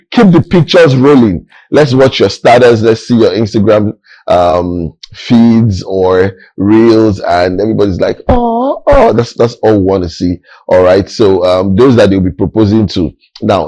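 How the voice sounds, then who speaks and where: A Nigerian man hosts a TV show in a deep, husky voice. His tone is mellow and dry, and he jokes his way through casual banter with plenty of fillers. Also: dry recording, poor audio. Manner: playful, joking banter with many fillers. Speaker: TV show host. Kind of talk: casual TV studio chat.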